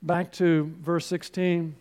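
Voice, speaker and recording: A man preaching a sermon, asking the listeners questions and swinging between loud calls and hushed asides. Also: fairly high pitch, level tone, slow.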